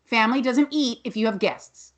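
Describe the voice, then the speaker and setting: A woman's voice: fairly high pitch, normal speed, highs cut off. A woman co-hosting a podcast, recapping a TV episode in casual chat, swearing and acting out the characters' lines. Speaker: podcast co-host.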